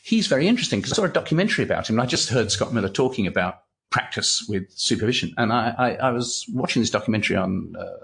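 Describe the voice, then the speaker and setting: An older man, a retired clinical psychologist, chatting as an interview guest and telling animated anecdotes, often repeating words and swearing. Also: fairly low pitch, vocal fry. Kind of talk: casual interview storytelling.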